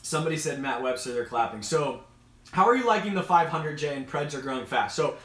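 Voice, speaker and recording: A man's voice: fairly high pitch, lively intonation, a little fast, fairly bright tone, echoey room. A man hosting a casual live stream, talking with eager, rambling enthusiasm. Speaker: host of an aquarium live stream.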